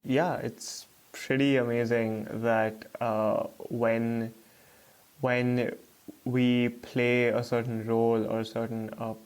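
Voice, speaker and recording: A man's voice: medium pitch, clear, resonant tone. A young man in his twenties, a guest on a podcast, who stutters with repeated words and many "uh" fillers. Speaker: guest, doctoral student. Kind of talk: casual conversational interview.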